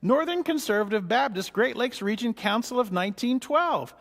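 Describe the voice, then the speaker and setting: Man voicing a glum bridge jumper: higher pitch, clipped flat answers, church-hall echo. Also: normal speed, vocal fry, exaggerated voice. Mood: deadpan. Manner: short, deadpan replies.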